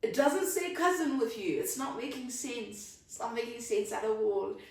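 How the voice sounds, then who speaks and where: A woman's voice: a little high, expressive, normal speed, gravelly, a little mellow, distant mic. Young South African woman, casual vlog vent, rambling, mixes languages, voice set back from the mic in a very echoey room. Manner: rambling, switches between languages mid-sentence. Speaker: vlogger.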